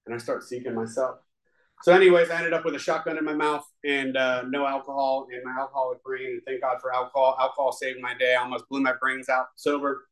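A man's voice: mid-range voice, level tone, quick pace, fairly bright tone, low-quality recording. Rambling, earnest man sharing his story. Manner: rambling and conversational, full of fillers; earnest and confessional. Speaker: recovery meeting speaker. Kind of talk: personal testimony at a recovery meeting.

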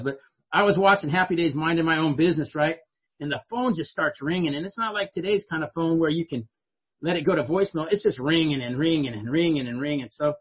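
A man's voice: fairly high pitch, husky, highs cut off. A middle-aged man telling his own life story to an audience in a conversational way, often asking "right?". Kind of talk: personal storytelling speech to an audience.

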